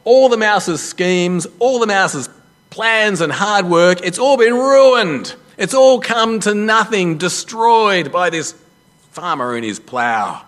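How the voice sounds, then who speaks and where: A man preaching a sermon as a pastor, telling a story with lively self-deprecating humour. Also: high-pitched, slow.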